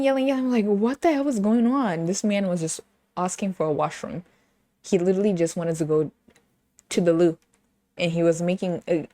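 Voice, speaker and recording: A woman's voice: fairly low pitch, a little mellow, dry recording. A woman with a British accent hosting a podcast, chatting casually and playfully, laughing often and breaking into sing-song bits. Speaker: podcast host. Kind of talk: casual chat.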